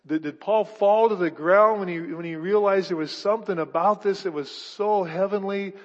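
A male pastor preaching a sermon, emphatic and full of restarts, with sudden swings between loud and soft delivery. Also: sits high, moderate pace. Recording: dull, echoey hall recording.

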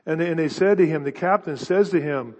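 A man's voice: fairly high pitch, a little fast. A middle-aged man preaching a conversational sermon, often restarting his sentences. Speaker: pastor. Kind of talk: expository sermon. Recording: dull hall reverb.

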